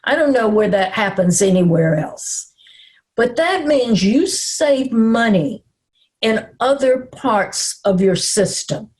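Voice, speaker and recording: Older Southern-accented woman, webinar presenter, slow calming cadence, slightly husky. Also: mid-range voice. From American South. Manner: slow, calm, reassuring.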